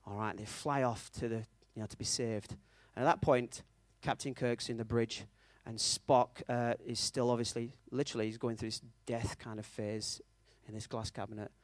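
A man's voice: mid-range voice, steady tone, normal speed, hardly any pauses, no echo. A man preaching a conversational sermon, telling a story and checking in with his audience, with a self-mocking manner.

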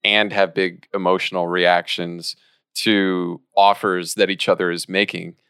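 A man's voice: deep voice, little pitch movement, unhurried, a bit bright, clear, resonant tone, no room sound, clean studio sound. A man co-hosting a casual improv podcast, earnest and explanatory.

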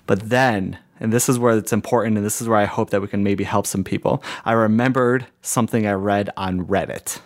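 A man's voice: fairly low pitch, brisk, hardly any pauses. A man telling a story in casual chat, acting out the people he quotes and filling his talk with "like". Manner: animated, acts out quoted dialogue, lots of "like" fillers, laughs between lines. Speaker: podcast co-host and streamer.

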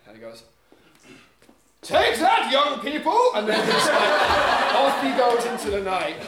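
Guy telling a story live, acts out scenes with sound effects, high-ish voice, echoey room. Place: live event venue. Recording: echoey venue with background noise.

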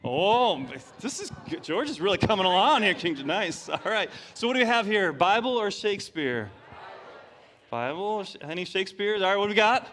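A male pastor preaching to his congregation, playful and energetic as he runs a quiz with volunteers. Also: high-pitched, moderate pace. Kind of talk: sermon with audience game.

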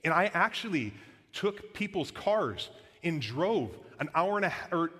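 Earnest pastor preaching in a reverberant hall. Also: male voice, sits high, sing-song, measured pace, a bit bright, husky. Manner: casual and earnest, preaches with frequent "like" and "guys". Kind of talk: sermon. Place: church sanctuary.

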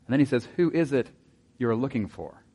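A man preaching a sermon in a conversational way, asking his listeners rhetorical questions and dropping into soft asides. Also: medium pitch, expressive, a little fast. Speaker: pastor.

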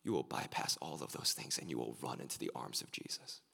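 Deep gravelly-voiced male pastor preaching. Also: a little fast. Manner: earnest, builds to excited emphasis. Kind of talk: sermon. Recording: live sermon with long hall reverb.

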